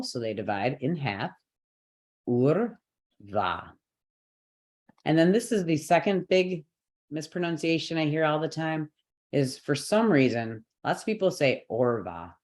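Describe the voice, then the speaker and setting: A woman's voice: extremely low pitch, a little mellow. A woman teaching the pronunciation of a chanted mantra, breaking it into syllables and repeating each sound patiently. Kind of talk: slow syllable-by-syllable chanting lesson.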